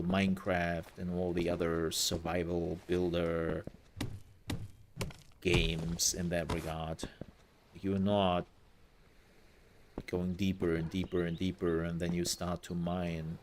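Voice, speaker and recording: A man's voice: sits low, a little hiss or hum. A man giving casual let's-play commentary, thinking aloud as he plays and trailing off into fillers. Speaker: gaming content creator.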